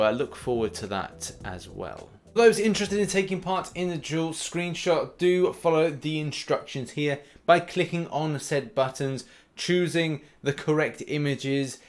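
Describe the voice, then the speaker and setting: A young man hosting a mobile game news show, talking in a chatty, animated way with plenty of fillers and restarts. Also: mid-range voice. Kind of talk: casual gaming news commentary.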